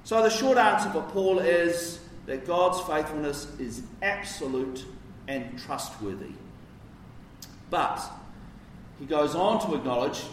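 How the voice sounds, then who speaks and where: A man with a mid-range voice delivers a church sermon, emphatic yet conversational, with offhand asides. It's recorded from a distance with roomy echo and slight background noise.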